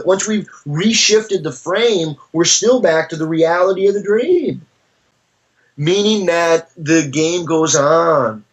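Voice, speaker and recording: A male professor with a slightly higher-than-average voice thinks aloud in a relaxed interview. He talks in a searching, conversational way, restarting his sentences as he works through an idea, and leans on anecdotes to illustrate his points. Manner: thoughtful, searching, with frequent restarts and storytelling asides. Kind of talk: conversational philosophical discussion.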